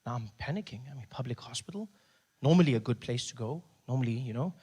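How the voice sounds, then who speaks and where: A man doing stand-up storytelling, animated, acting out characters and shouting in bursts. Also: fast, breathy edge. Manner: animated, acts out characters with big pitch jumps and shouting. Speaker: stand-up comedian.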